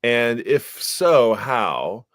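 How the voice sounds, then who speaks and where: A middle-aged man co-hosting a podcast, telling stories in a rambling, animated way with lots of fillers. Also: mid-range voice, very slow, no room sound, studio quality. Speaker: podcast co-host. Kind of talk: casual chat.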